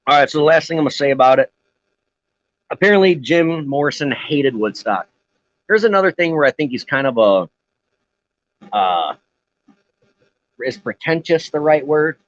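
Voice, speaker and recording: A man's voice: on the high side, expressive, normal speed, long pauses, dull audio. A man co-hosting a casual podcast, swearing freely, rambling through stories and laughing at his own jokes. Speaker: podcast co-host.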